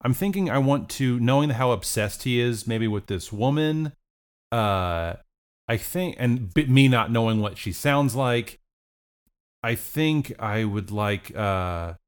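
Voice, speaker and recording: A man's voice: medium pitch, expressive, slow pace, clear, resonant tone. A man playing a tabletop game, hesitant and thinking aloud with many fillers. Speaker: player. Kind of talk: casual tabletop game play.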